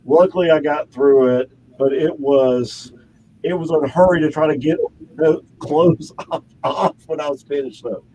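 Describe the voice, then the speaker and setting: A man's voice: on the high side, moderate pace, mellow, a little hiss or hum, low-quality recording. A man, an actor and model, chatting as an interview guest in his home studio, rambling through stories with frequent laughs. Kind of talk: casual interview chat.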